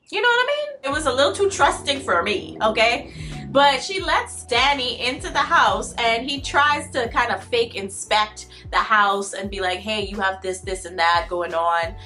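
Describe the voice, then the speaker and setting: A woman in her twenties from the Bahamas, casually recapping a TV show in a chatty, incredulous way. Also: on the high side. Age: 20s. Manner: chatty and incredulous, with lively exclamations. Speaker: video reviewer.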